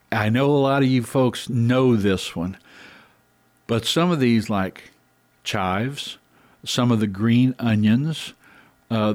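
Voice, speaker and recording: A man's voice: fairly low pitch, a little mellow. A middle-aged man hosting a gardening talk, folksy and rambling with lots of fillers and restarts. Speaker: gardening show host.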